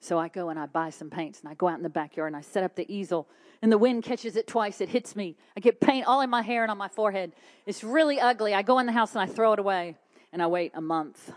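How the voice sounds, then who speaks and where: A woman preaches from her own story. She tells it dramatically, often sinking to a hushed whisper. Her pitch sits in the middle of the female range. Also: fast talker. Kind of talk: testimony preaching.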